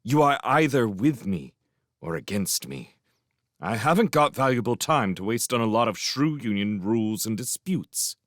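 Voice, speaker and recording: A bold young mouse warrior, as a male reader puts him on, blunt and impatient with rules. His voice sits a little higher than the narration and swings widely. The sound is dry and close. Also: sing-song, moderate pace, a bit bright, no echo.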